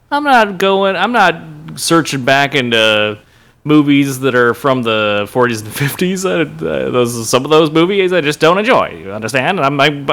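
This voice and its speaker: Man, thirties, podcast co-host, lively pitch, bright tone, laughs often, casual chat. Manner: animated, laughs often, playful put-on voices.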